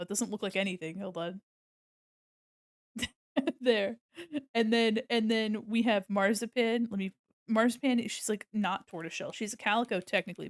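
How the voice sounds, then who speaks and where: A woman's voice: mid-range voice, no room sound, studio quality. A woman streamer chatting casually while she draws, giggly and gushing, breaking into laughter often. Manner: gushing and affectionate. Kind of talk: casual livestream chat while drawing.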